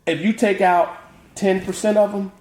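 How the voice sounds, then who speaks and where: A middle-aged man from the American South tells stories in a casual interview, voicing his relatives and laughing along. His voice sits a little high for a man. The room is noticeably echoey. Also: moderate pace. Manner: animated, acts out family quotes, laughs often. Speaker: guest, author and motivational speaker. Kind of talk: casual interview chat, storytelling.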